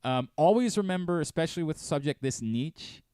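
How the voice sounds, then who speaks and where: A man's voice: mid-range voice, a little fast, no echo. A man hosts a radio show from a studio, chatting casually and going off on tangents. His voice rises and falls a lot as he talks. The sound is dry and close to the mic. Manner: animated, rambling, self-interrupting.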